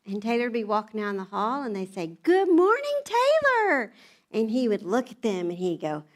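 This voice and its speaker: A woman's voice: mid-range voice, brisk. A middle-aged woman from the American South with a Southern accent, speaking at a church women's event and telling funny family stories in a chatty, humorous way. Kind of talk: storytelling talk to an audience.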